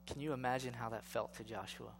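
A man's voice: medium pitch, fairly even intonation, fast talker, creaky, in a large hall, slight background noise. A male pastor giving a sermon in a conversational style, asking rhetorical questions and building to emphatic exhortation.

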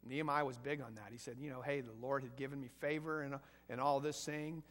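A man's voice: medium pitch, fairly even intonation, fast talker, fairly bright tone. A man preaching a conversational sermon as pastor, asking the congregation questions and rising to emphatic peaks. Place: church sanctuary. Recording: echoey hall.

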